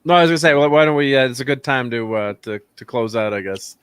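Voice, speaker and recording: A man's voice: mid-range voice, fast, a bit bright, clean tone, no room sound. A man hosting a casual film review chat, rambling with fillers and laughing often. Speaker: channel host.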